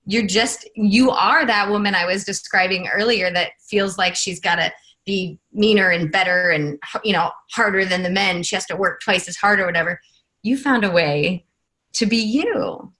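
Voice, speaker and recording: A woman's voice: mid-range voice, normal speed, bright, forceful tone. A woman from California hosting a podcast interview, talking in an enthusiastic, reflective way and laughing easily. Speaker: podcast host.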